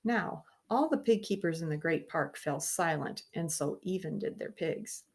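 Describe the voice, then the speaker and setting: A woman reads a children's story aloud in a low-pitched voice. She is expressive and breaks off now and then to point things out to young listeners, as if reading at a storytime. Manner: expressive, pausing to explain to children. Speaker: storybook reader.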